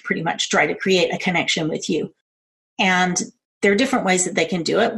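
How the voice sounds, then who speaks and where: Woman, middle-aged, low-ish voice, calm, earnest, instructional talk. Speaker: self-defense instructor.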